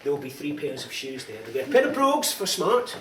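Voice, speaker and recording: A man's voice: a little high, quick pace. A middle-aged man from Scotland giving a teasing, anecdotal after-dinner comic speech. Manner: anecdotal, teasing, lively storytelling. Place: large dining hall. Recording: echoey hall, distant mic, background noise.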